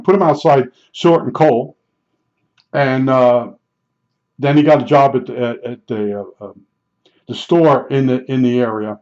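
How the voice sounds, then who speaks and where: An older man rambles through family stories in a casual, talkative way, stopping and restarting often. His voice sits in a middle pitch, and the recording sounds muffled and lo-fi. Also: darkish tone. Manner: rambling, chatty, with fillers and restarts. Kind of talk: casual storytelling. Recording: dull lo-fi recording.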